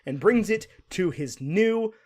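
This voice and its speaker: Podcast cohost guy, kinda high voice, pushy when he argues. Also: animated, darkish tone. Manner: fast-talking, insistent, repeats words. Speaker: podcast co-host. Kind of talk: casual chat.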